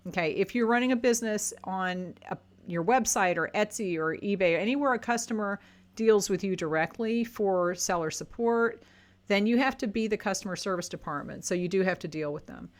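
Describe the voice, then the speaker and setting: A woman talks straight to camera, coaching online sellers in a casual, chatty way. She is plainspoken and often restarts or corrects herself mid-sentence as she explains. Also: medium pitch. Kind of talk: casual advice talk to camera.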